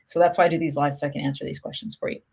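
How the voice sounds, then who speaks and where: Chatty husky woman on a livestream. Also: deep voice, flat delivery, rapid-fire, a little mellow. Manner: chatty, upbeat, lots of "like" and "you know". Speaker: music promotion host answering live comments. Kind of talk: casual livestream chat.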